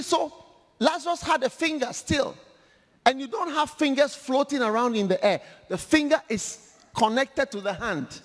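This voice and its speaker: A male preacher giving an animated, humorous sermon, acting out scripture in a large hall. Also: very high-pitched. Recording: long hall reverb.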